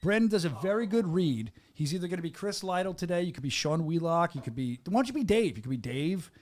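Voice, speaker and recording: High, animated hype-man host. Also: fast. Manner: hyped, teasing, talks over others. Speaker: podcast host and venue announcer. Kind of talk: casual podcast chat.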